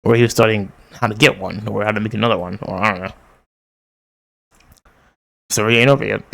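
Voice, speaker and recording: A man's voice: fairly low pitch, gravelly. A man casually reading a manga aloud, reading out the character lines, commenting and laughing as he goes. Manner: reads character lines in quick voices and laughs often; excited outbursts. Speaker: manga reader. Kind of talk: casual read-along with commentary.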